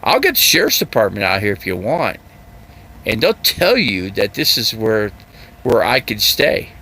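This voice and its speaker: A man's voice: lowish voice, wildly swooping pitch, moderate pace, pushed and bright. An older man talking casually and at length on his live stream, chatty and repetitive, with lots of fillers as he wanders from point to point. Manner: rambling, chatty, repeats himself, heavy use of fillers. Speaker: RV vlogger. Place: living out of an RV.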